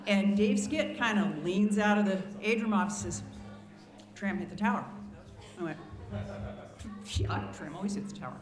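A woman in her sixties, a retired ski patroller, telling lively anecdotes to a gathering, with asides and restarts. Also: medium pitch, moderate pace, pauses often, music in the background. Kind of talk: storytelling to a gathering. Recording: echoey room.

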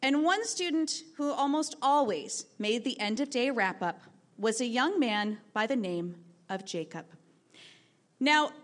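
A woman teacher telling a lively story from her classroom to an audience, acting out the voices of the people in it. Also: a little high. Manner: lively, animated storytelling with acted quotes.

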